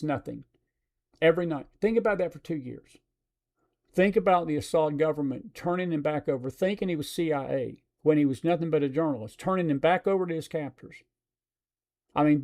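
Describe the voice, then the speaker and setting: A man's voice: on the high side, a little mellow. A man hosting a talk show, ranting emphatically with repeated phrases and addressing his audience directly. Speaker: show host. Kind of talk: live-stream commentary talk.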